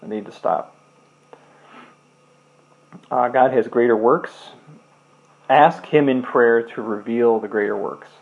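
A man's voice: medium pitch, steady tone, takes it slowly, creaky, pauses often, narrow, tinny audio. A man preaching a casual, earnest sermon, reading scripture and leading a closing prayer. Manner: earnest, loose and conversational, with restarts.

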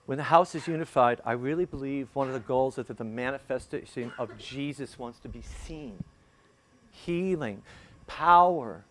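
An older man delivers a sermon as a personal story. His pitch sits in an ordinary middle range, and he talks to the congregation casually, jumping into the voices of the people he quotes. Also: normal speed. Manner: conversational, animated, acts out quotes. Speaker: pastor.

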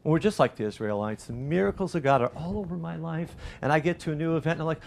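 A middle-aged man preaching a sermon as pastor, rising loud and animated through lists and quoted cries. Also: fairly high pitch, quick pace, creaky, few pauses, slight background noise.

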